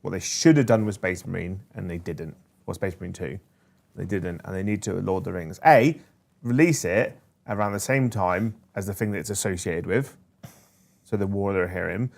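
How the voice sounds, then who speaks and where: A man's voice: low-pitched, a little fast, vocal fry, a little mellow. A man co-hosting a casual podcast chat, enthusiastic and nostalgic as he tells stories. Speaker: co-host.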